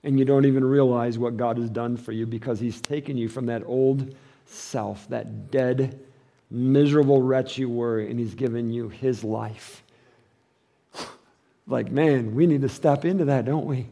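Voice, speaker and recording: A man's voice: medium pitch, fairly even intonation, a little slow, vocal fry, dark tone. A middle-aged man, a pastor, giving a conversational sermon, acting out quoted voices and chuckling often.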